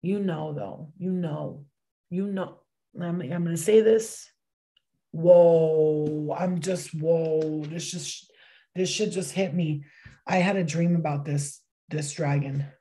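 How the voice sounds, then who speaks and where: A young woman doing a casual tarot reading, excitable and swearing freely, with bursts of exclamations. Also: low voice, takes it slowly. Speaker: tarot reader.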